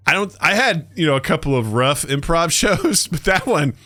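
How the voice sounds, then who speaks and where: A man co-hosting a comedy podcast, telling a story in a casual, animated way and laughing often. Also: fairly high pitch, moderate pace. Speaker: podcast co-host.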